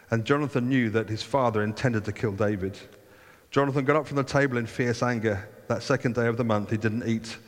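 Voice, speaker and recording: Recorded with a big-room sound, a preacher with a mid-range voice reads scripture aloud, frequently pausing the reading to offer casual, conversational remarks.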